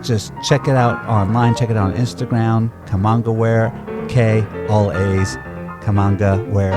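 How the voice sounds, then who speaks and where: A man co-hosting a podcast in casual chat, talking in an enthusiastic, rambling way. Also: lowish voice. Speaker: podcast co-host.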